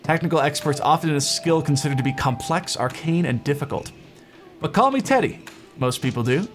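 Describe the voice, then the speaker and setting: A man's voice: a little high, expressive, fairly quick, soft background music, lightly acted. A man voicing a friendly male dwarf inventor in a role-playing game, reading the lines aloud in an amiable, chatty way.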